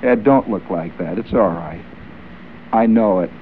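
A man's voice: fairly low pitch, unhurried. A male radio host ad-libbing jokey patter around the ads, with wry, chuckling asides. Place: radio studio. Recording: lo-fi old radio broadcast with faint hiss.

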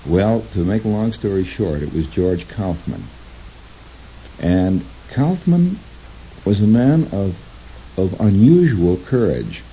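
Male radio talker, deep mellow voice, meandering monologue, dull lo-fi sound with light hiss. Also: animated. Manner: digressive, halting, with restarts and acted-out quotes. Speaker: radio broadcaster. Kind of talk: rambling storytelling monologue. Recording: lo-fi recording with faint hiss.

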